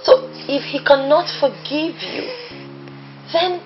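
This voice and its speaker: A woman's voice: high voice, expressive, slow pace. An actress playing a family member who comforts a beaten woman. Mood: consoling. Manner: consoling, indignant. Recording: dull film audio with music.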